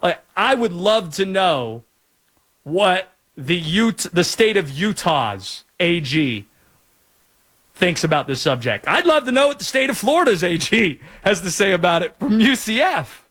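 A man from North Carolina hosting a sports talk show, chatting in a lively, jokey way with asides. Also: sits high, measured pace. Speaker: sports radio host.

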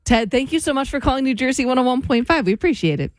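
A woman's voice: high voice, animated, quick pace, dry recording. A woman co-hosting a call-in radio show with dry, wry humor, chatting with callers. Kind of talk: casual radio banter.

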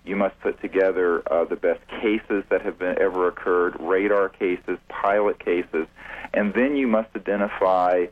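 Deep-voiced male researcher, husky, halting and deliberate, heard over a tinny phone line. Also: fairly even intonation. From United States. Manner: deliberate, halting with many fillers and restarts. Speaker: UFO researcher guest. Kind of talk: radio interview.

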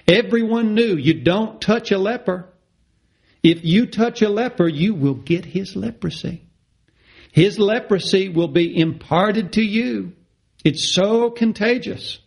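A middle-aged male preacher delivers a sermon at an unhurried pace, leaning hard on repeated phrases. His voice is gravelly and a little husky, and it jumps upward in pitch whenever he drives a point home. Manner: impassioned, repeats phrases for emphasis, rises sharply in pitch on key words.

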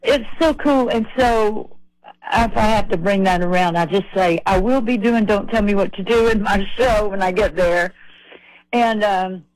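A middle-aged woman from Tennessee, a country singer telling rambling, animated anecdotes as a guest. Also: mid-range voice, moderate pace, no echo, low-quality recording. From Nashville, Tennessee. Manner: chatty, rambling, animated retelling.

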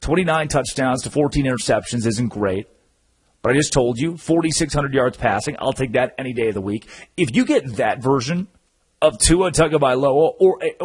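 Animated husky-voiced sports radio host. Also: male voice, medium pitch, low-quality recording. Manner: animated, storytelling, emphatic. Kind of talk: talk radio monologue.

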